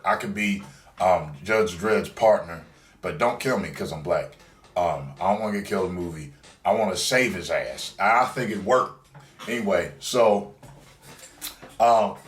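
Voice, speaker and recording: Deep-voiced man telling a casual story. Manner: laid-back, profane, chatty. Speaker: vlogger. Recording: roomy sound, distant from mic.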